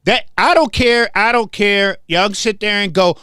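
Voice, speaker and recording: A man's voice: sits high, normal speed, few pauses, bright, forceful tone, smooth, dry recording, clean studio sound. A man from Memphis hosting a heated commentary monologue, confrontational and emphatic, hammering points home by repeating them. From Memphis, southern US. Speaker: host.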